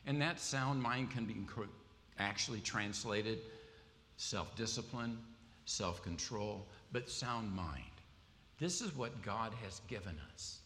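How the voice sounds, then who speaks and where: A man's voice: on the low side, slow, fairly bright tone, big-room sound, a little hiss or hum. A man preaching a sermon, earnest and emphatic, reading scripture aloud.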